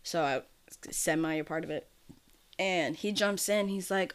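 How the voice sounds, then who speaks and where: A podcast co-host talks at normal speed in a smooth, lowish voice. Her casual chat, captured on a remote video call mic, wanders, gets profane, and is punctuated by frequent laughter.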